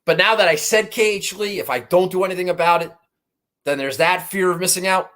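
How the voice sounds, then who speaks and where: A man with a notably high-pitched voice runs through his golf betting picks in loose, rambling chat. He swears freely and mocks himself as he goes. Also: a little fast, fairly bright tone. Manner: profane, rambling, self-mocking. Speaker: golf betting podcast host. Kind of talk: casual chat.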